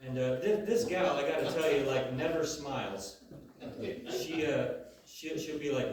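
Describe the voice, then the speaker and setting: Stand-up comic, man in his thirties, halting delivery with lots of uhs, heard from far off in an echoey room. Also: fairly high pitch, lively intonation, a crowd in the background. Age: 30s. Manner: halting, full of uhs and repeated starts. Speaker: stand-up comedian. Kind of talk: stand-up comedy set. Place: comedy venue before a live audience.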